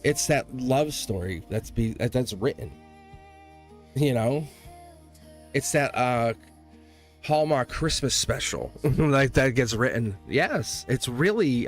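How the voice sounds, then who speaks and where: Excitable man reading tarot live. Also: mid-range voice. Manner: excitable, rambling, laughs often. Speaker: tarot reader.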